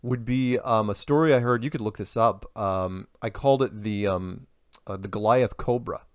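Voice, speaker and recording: A man's voice: lowish voice, moderate pace, clear, resonant tone, no room sound, clean studio sound. A man talking in a casual podcast conversation, rambling, laughing often and acting out the quotes he reports. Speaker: podcast guest.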